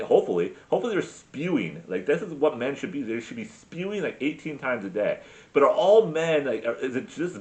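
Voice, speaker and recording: A man rants through a profane comic monologue. He stumbles over fillers and restarts as he goes, and his pitch moves all over the place. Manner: crude, rambling, full of fillers and restarts. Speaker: comedy podcast host.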